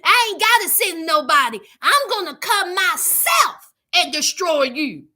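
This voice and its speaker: A woman's voice: extremely high pitch, sing-song, measured pace, pushed and bright, exaggerated voice. Woman doing a blustering debt-collecting thug. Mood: menacing. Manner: menacing, blustering. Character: loud threatening man collecting a debt.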